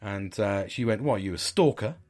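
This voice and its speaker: Middle-aged podcast host, lowish voice, frank and rambling monologue. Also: male voice, fairly quick, darkish tone. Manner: candid, sweary, rambling with restarts. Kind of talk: casual storytelling monologue.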